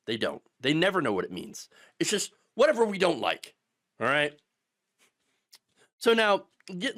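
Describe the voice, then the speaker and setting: A man's voice: mid-range voice, fairly bright tone. A middle-aged man ranting through political commentary, sarcastic and mocking, sometimes putting on the voices of his opponents.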